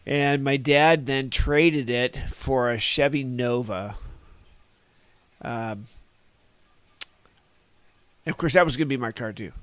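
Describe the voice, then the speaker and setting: A man in his sixties from Northern California, reminiscing as a podcast guest. His voice sits at an ordinary middle pitch and is recorded dry and close. He wanders through his stories with folksy asides and chuckles at his own tales. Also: slow, pauses often, fairly bright tone, clear, resonant tone, dry recording. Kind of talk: casual reminiscing storytelling.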